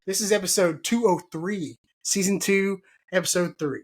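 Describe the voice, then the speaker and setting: A man's voice: high voice, moderate pace, husky. A man hosting a casual gardening podcast, rambling and joking with his guests. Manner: rambling, jokey, laughs often. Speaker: podcast host.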